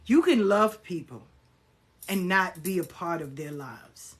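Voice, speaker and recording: A middle-aged woman hosting her own channel, talking casually and bluntly to viewers, animated and swearing freely. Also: fairly low pitch. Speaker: spiritual practitioner, channel host. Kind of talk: casual spoken reflection to viewers.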